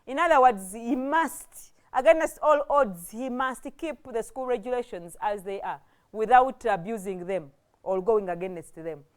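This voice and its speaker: Ugandan woman, teacher, fairly high voice, patient step-by-step explainer, classroom mic that drifts. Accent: Ugandan English. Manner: explains step by step, asks rhetorical questions. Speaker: English teacher. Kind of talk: classroom grammar lesson.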